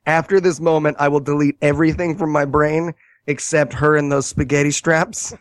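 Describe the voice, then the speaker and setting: A man casually retelling a movie's scenes with sarcastic jokes, animated and quick to mock. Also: fairly high pitch, no echo. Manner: sarcastic, animated storytelling with quoted asides. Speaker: podcast co-host reviewing a movie. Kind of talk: casual comedic movie review chat.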